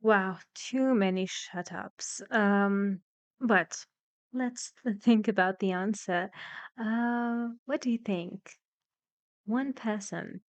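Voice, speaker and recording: A woman's voice: medium pitch, dry recording. A woman English teacher explaining a listening exercise in a video lesson, patient and encouraging. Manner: patient, encouraging, slightly halting.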